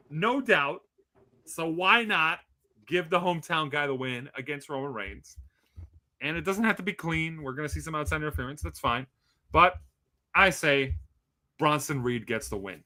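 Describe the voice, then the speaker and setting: A man co-hosting a casual wrestling predictions podcast, excitable and teasing, laughing as he talks. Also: fairly high pitch, normal speed. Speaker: podcast co-host giving predictions.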